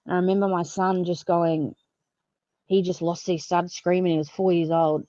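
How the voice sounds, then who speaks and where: A woman's voice: fairly low pitch, fairly even intonation, fast, a little mellow, dry recording, highs cut off. A woman, a podcast guest frankly telling her own story with lots of fillers and swearing. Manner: frank and blunt, swears freely, many fillers. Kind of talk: candid personal storytelling.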